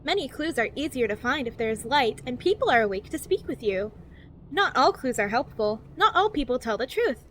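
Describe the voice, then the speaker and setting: A woman's voice: high-pitched, very animated, fairly quick, fairly bright tone, slight background noise. A woman streamer reading game text aloud in a cheery infomercial-style voice and giggling often.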